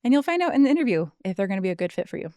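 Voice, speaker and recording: A woman career coach hosting her own podcast, talking through advice in an encouraging, excited way and sounding a little out of breath. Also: mid-range voice, rapid-fire, no echo, studio quality. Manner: enthusiastic, encouraging, slightly out of breath. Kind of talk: solo podcast advice monologue.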